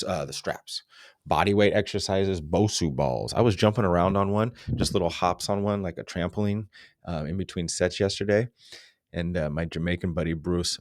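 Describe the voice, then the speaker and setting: A man's voice: low-pitched, no echo, clean studio sound. A man in his forties giving a casual fitness lesson, laid-back and slangy, rambling with asides. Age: 40s. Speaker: fitness instructor. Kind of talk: casual unscripted fitness talk.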